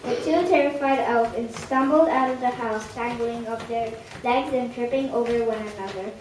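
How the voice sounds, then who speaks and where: A woman's voice: on the high side, normal speed. Woman narrating a storybook in an echoey room. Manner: expressive read-aloud storytelling. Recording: echoey room, distant mic, faint hiss.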